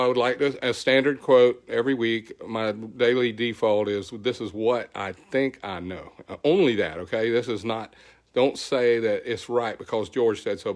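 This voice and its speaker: Man, Southern country accent, slightly hoarse, middle-aged, rambling folksy livestream host, mid-range pitch. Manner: rambling, folksy, thankful, greets viewers by name. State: voice still recovering, slightly hoarse. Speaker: host of a weekly tech show. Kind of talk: casual livestream chat greeting viewers.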